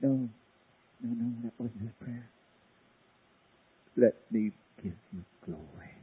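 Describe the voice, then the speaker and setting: A man preaching an impassioned sermon, swinging from hushed pleading to loud cries. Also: mid-range voice, slow pace, slightly rough. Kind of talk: sermon on tape. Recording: tinny lo-fi cassette tape.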